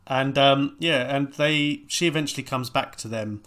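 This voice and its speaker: A man's voice: medium pitch, normal speed, fairly bright tone. A man, co-hosting a casual film chat with dry, wry asides. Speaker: podcast co-host.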